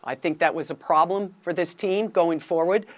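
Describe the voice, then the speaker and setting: A woman's voice: fairly low pitch, normal speed. A woman giving her take as a panelist on a sports debate show, confident and plain-spoken.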